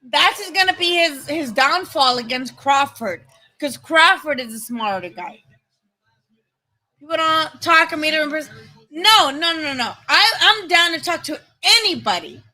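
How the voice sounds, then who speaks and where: A young woman streamer from Nayarit, Mexico, talking to her viewers in a loose, excitable way with plenty of swearing. Her voice sits high and sounds very bright and sharp. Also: unhurried, low-quality recording. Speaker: boxing commentary streamer. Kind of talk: casual livestream chat.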